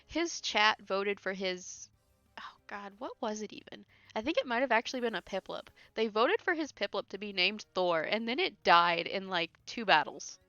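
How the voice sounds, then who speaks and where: A woman's voice: mid-range voice, expressive, normal speed, pushed and bright, no room sound, lo-fi sound, soft background music. A woman streamer chatting casually while playing a video game, giggling and talking to her chat between asides. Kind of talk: casual let's-play commentary.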